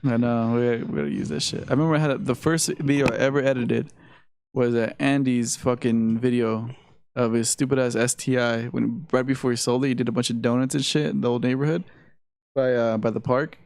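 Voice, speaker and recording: A man's voice: mid-range voice, steady tone, fairly quick, vocal fry, a little mellow, clear, resonant tone, no echo. A man co-hosting a casual podcast, laid-back and profane, laughing often. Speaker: podcast co-host. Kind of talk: casual chat.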